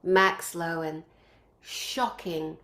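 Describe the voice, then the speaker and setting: A woman's voice: deep voice, fairly even intonation, very slow, a bit bright. A woman organizing a conference, introducing its speakers one by one and piling up effusive praise in long lists.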